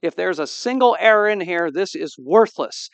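High-voiced pastor preaching animatedly. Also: male voice, normal speed, creaky, dry recording. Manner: animated, acts out quoted dialogue; asks the congregation for responses. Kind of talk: sermon.

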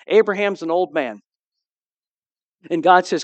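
A man preaching a sermon as pastor, reading scripture and acting out dialogue with animated emphasis, asking the congregation to respond. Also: high voice, normal speed, pauses often, dry recording. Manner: animated, acts out quoted dialogue.

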